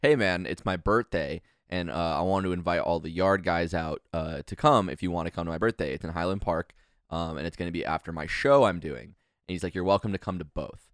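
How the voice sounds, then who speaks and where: Low-voiced man telling a story. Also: fairly quick, no room sound, studio quality. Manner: animated storyteller, acts out quoted dialogue. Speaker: podcast co-host. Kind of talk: casual storytelling chat.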